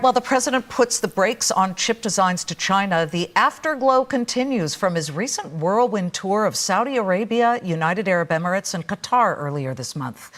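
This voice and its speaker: A woman anchoring a broadcast business news report in a crisp, measured way. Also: mid-range voice, a bit bright.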